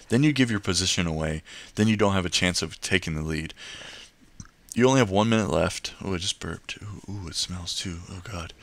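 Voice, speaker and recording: A man's voice: low-pitched, a bit bright. A young man giving casual, rambling gameplay commentary and tips, full of fillers and restarts.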